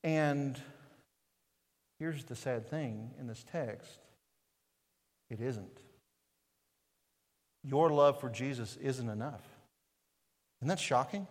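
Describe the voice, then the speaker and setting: East Tennessee pastor preaching in a reverberant hall. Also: male voice, mid-range voice, takes it slowly, pauses often. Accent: East Tennessee Appalachian. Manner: conversational preaching with frequent rhetorical questions and "right?". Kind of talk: sermon. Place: church sanctuary.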